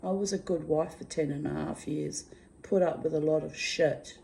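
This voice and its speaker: A woman's voice: low voice, fairly even intonation, normal speed, creaky, dark tone, slight background noise. A woman talking candidly in a casual video diary, rambling and muttering asides to herself. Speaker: vlogger.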